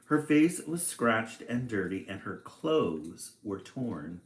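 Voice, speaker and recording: A man reading a children's picture book aloud, with relaxed, chatty asides between passages. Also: lowish voice, slow. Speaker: storybook reader. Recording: echoey room.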